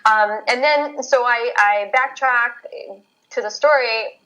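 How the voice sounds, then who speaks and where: A woman physical therapist, a podcast guest, telling a personal story in casual chat, lively and laughing as she acts out her own thoughts. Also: a little high, slow, lo-fi sound.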